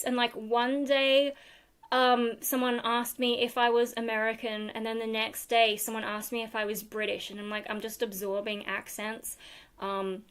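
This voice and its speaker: Chatting from her home room, a livestream host with an Australian accent answers viewer questions, giggling and dropping fillers throughout. Her pitch is fairly high, with a clear, resonant tone.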